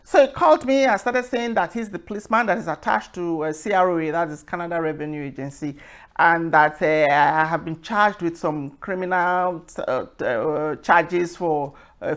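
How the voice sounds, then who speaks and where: A woman hosting her own talk show, telling a story by acting out a phone call, then preaching and reading scripture slowly and with emphasis. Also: lowish voice. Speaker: host. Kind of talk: casual talk with a sermon-like close.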